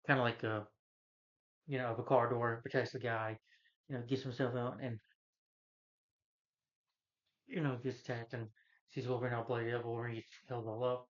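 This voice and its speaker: A male movie reviewer with an ordinary mid-pitched voice retells a film's plot scene by scene in a flat, casual ramble. He stumbles over words, restarts often, and leans on fillers like "you know," and the recording sounds a bit dull and lo-fi.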